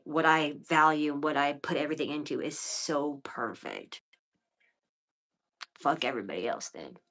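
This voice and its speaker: Low-voiced, blunt, profane woman streamer. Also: a bit bright. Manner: blunt, profane and defiant, talking to viewers; drops often to whispers and mutters. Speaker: livestream host. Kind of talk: casual late-night livestream chat.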